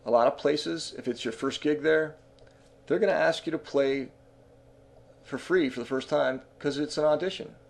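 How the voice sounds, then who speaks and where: A man's voice: on the high side, normal speed, creaky. A man talking through music business advice in a casual, conversational way, with frequent fillers and restarts.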